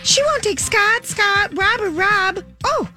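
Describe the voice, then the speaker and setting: A woman's voice: animated, sharp tone, faint music behind, full character voice. A woman playing a chirpy scheming teen girl. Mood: scheming, gossipy. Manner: fast, chirpy, high-pitched teen girl voice. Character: manipulative scheming teenage girl, gossipy and bubbly. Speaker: actor reading old high school notes.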